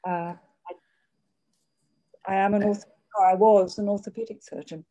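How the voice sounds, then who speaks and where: An older woman speaking in a measured, candid way, with frequent restarts, reflecting on her working life. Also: medium pitch, steady tone, mellow. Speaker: interviewee. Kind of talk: reflective conversation.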